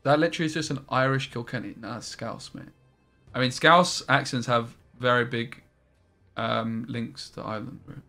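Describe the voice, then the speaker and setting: A man's voice: medium pitch, normal speed, gravelly, sharp tone, soft background music. A man, casually commentating his card game and chatting with viewers, swearing now and then.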